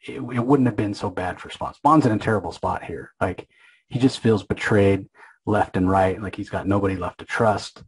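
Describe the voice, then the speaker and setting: A man's voice: lowish voice, normal speed, breathy edge, low-quality recording. A man casually recapping a comic book issue, rambling and opinionated, with lots of filler words.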